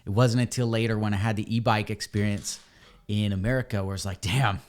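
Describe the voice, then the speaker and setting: A man, a podcast guest, telling a story in a casual, animated way and calling people dude and man. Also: on the low side, fast talker, clean tone. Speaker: podcast guest, ebike company cofounder.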